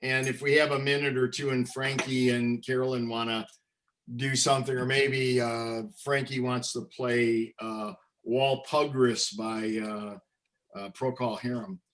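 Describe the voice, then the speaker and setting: A man's voice: mid-range voice, little pitch movement, measured pace, fairly bright tone. A man hosting an online gathering, joking around and directing who reads next. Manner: jokey, directing the running order. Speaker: host. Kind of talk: casual chat. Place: home video call. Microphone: video call.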